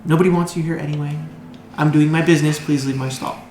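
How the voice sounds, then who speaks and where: A man's voice: fairly high pitch, fairly even intonation, fast, darkish tone, a little hiss or hum, close to an everyday voice. A man plays a village stall keeper in a tabletop game, world-weary and grumbling but friendly with customers. He talks in a casual, everyday way, and the sound is roomy. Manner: grumbling, then folksy and salesy.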